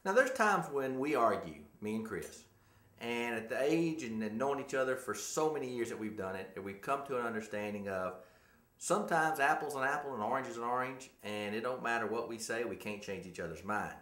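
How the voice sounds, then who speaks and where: A chatty co-host in his forties who rambles from one thought to the next and laughs often. His pitch rises and falls a lot as he talks. The voice rings in an echoey room. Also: animated, fairly quick, fairly bright tone. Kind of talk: casual chat.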